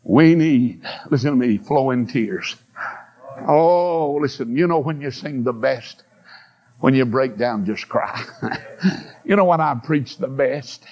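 Older guy preaching, folksy storytelling then shouting high and stretched out, kinda muffled lo-fi recording. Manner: impassioned, swings into high shouted bursts with drawn-out words; storytelling with fillers and repeated "listen to me". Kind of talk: sermon. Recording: dull lo-fi sermon recording.

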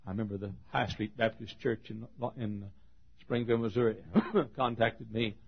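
A middle-aged pastor preaching a sermon, moving from quiet storytelling to loud, shouted preaching. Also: male voice, fairly low pitch, steady tone, moderate pace, creaky, slightly rough. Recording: dull lo-fi sermon recording.

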